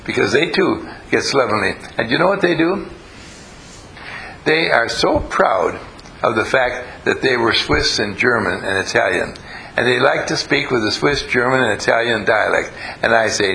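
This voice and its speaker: A man's voice: mid-range voice, expressive, moderate pace, vocal fry, pushed and bright, a little hiss or hum, poor audio. A man leading a live group, questioning and coaxing the audience and telling stories as he teaches. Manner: storytelling. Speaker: group leader teaching a class. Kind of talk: interactive talk to a live group.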